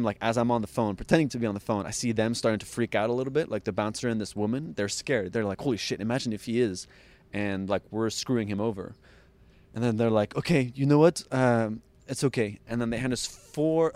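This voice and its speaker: Animated storytelling man, podcast guest. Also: mid-range voice, no room sound. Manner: lively, laughs often, acts out others' lines.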